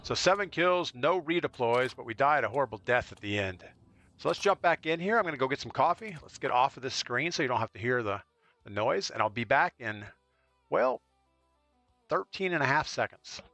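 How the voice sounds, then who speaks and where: Bright-voiced man streaming a shooter game. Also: mid-range voice, animated, normal speed, no echo, faint music behind. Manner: chatty, talks straight to viewers between plays. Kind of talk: casual live-stream commentary while gaming.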